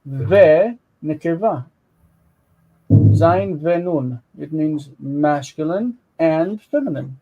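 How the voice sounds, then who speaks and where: A man's voice: fairly high pitch, expressive, slow, lo-fi sound. A man co-hosting a live stream, chatting casually and eagerly explaining words aloud while looking them up. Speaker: co-host of a Hebrew Bible reading stream.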